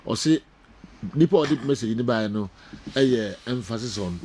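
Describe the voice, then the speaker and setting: Lively Ghanaian sports host. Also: male voice, medium pitch, moderate pace. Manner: animated, laughing, mixes English and Twi. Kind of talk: studio football debate. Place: TV studio.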